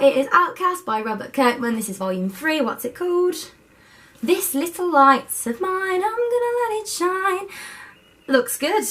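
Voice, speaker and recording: A woman's voice: high-pitched, bright, forceful tone. A young woman vlogging about books to her camera at her student home, bubbly and overexcited. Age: young adult. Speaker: book vlogger. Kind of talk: casual chat to camera. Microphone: camera set up by herself.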